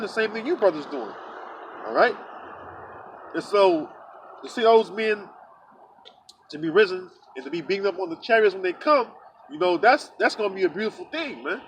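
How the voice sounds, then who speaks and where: A man's voice: high voice, recorded from a distance, background noise. A man telling a story in casual talk, rambling and profane, repeating himself with lots of "you know" and "man". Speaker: religious group member telling a story.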